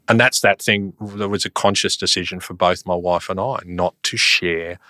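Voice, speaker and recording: A man's voice: sits low, steady tone, normal speed, no room sound, studio quality. A man, a podcast guest talking earnestly and reflectively about family and healing. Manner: earnest, reflective, warms up when recalling family moments. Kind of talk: conversational storytelling.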